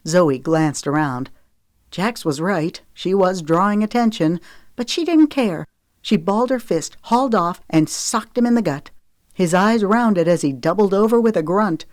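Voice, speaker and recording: A woman narrates an audiobook in a steady, expressive reading. Her voice is low-pitched and even. The recording is dry, with no room sound at all. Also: a little slow, no echo.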